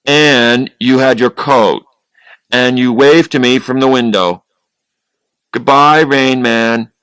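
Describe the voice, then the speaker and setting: A man's voice: medium pitch, slow, a bit bright, smooth, no room sound, voice pushed up. A man reading as an adult character who speaks literally and repeats dates and phrases exactly. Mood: matter-of-fact.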